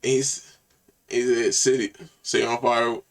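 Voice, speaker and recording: A man hosting a reaction video, chatting excitedly in casual slang about a song he just heard. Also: medium pitch, measured pace, far from the mic. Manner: excited, slangy, quotes lyrics back.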